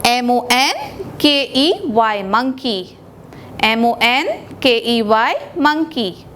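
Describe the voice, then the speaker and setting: A woman teacher with an Indian English accent reads a children's lesson in a high, bright voice. She talks very slowly and deliberately, spelling words out letter by letter. Faint noise sits under the recording. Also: big pitch swings.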